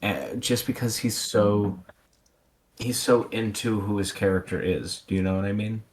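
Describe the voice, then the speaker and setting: A man's voice: fairly low pitch, fairly even intonation, normal speed, a little hiss or hum. A man co-hosting a casual wrestling podcast, easygoing and hesitant, with many ums. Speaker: podcast co-host.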